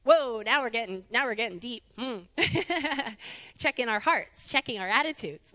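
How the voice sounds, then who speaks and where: A woman giving a conversational sermon in a church, animated and chatty, laughing easily. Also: a little high, measured pace, long reverb tail. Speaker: preacher. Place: church sanctuary.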